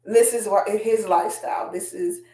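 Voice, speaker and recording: A woman's voice: medium pitch, steady tone, moderate pace, mellow, echoey room. A woman hosting a casual commentary vlog, chatting straight to her viewers and reading quotes aloud. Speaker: host.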